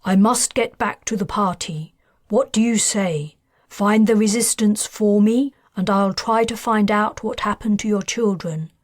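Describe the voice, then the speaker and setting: Woman narrator plays a firm, controlled man striking a deal; slow and deliberate. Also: high-pitched, dry recording, studio quality. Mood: brisk. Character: guarded, bargaining upper-class man.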